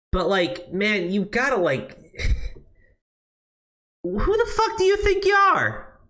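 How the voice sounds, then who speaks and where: Man, heated stream commentator; profane, stammering, lively and fairly high pitch. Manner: stammering, swearing, heated and ranting. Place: new office.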